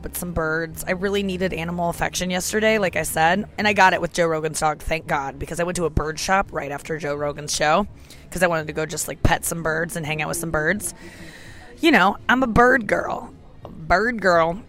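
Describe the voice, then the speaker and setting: Recording a candid solo podcast at an airport gate, a sore-throated host in her thirties chats away, pokes fun at herself and swears freely. She speaks a little fast in a low, fairly bright voice with fairly even intonation, while faint music plays.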